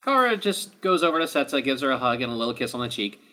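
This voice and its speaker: A man's voice: medium pitch, sing-song, fast, few pauses, sharp tone. A man playing a tabletop role-playing game, cracking jokes with mock-posh phrasing. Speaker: player. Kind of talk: tabletop role-play chat.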